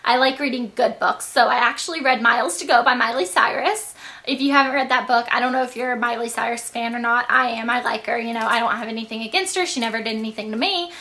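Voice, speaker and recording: A teenage girl chatting to her viewers in a bubbly, rambling vlog, her voice a bit hoarse. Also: fairly high pitch, quick pace, bright, forceful tone. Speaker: vlogger. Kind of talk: casual chat to camera.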